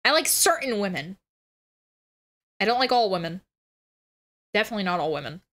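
A woman's voice: medium pitch, big pitch swings, brisk, a bit bright. A woman streamer chatting casually on a livestream, blunt and crude, swearing freely.

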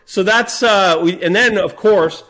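A man co-hosting a podcast, telling stories in casual chat in an animated way. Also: high voice, measured pace. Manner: animated, acts out voices in anecdotes. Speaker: podcast co-host.

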